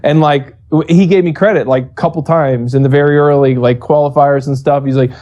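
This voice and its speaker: A man's voice: fairly high pitch, a little fast, dull audio. A man being interviewed as an esports coach, telling a story casually with lots of swearing and acted-out quotes. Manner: profane, animated, acts out quoted exchanges.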